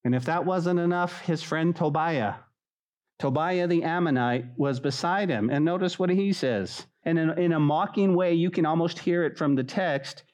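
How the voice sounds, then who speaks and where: A male pastor delivering an evening Bible study in a lively, conversational way. His voice sits a little higher than most men's. He keeps turning to his listeners to call them "guys" and jumps into animated bits. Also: moderate pace. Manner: animated, acts out mocking voices with high pitch. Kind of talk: sermon.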